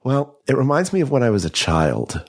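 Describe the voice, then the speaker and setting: A man co-hosts a comedy podcast with a playful, animated delivery. His pitch swoops up and down a great deal as he talks. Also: brisk, over loud music. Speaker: podcast co-host. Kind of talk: improvised comedy chat.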